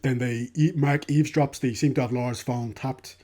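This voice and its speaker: Casual podcast co-host, male, warm low-key tone, chatty plot recap. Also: fairly even intonation, normal speed. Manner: rambling retelling with many "kind of" fillers.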